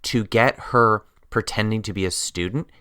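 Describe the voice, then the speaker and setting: Low, smooth, dry-sounding podcast man. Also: moderate pace, sharp tone, no echo. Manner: dry, critical, wry. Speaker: podcast co-host. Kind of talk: casual chat recapping a TV episode.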